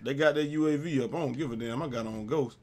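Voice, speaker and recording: A young man giving casual gameplay commentary with friends, joking, swearing a lot and breaking into loud yells when the action picks up. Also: medium pitch, quick pace, slight background noise. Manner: swears a lot and breaks into yelling mid-game; jokey, trash-talking banter. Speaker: gaming commentator.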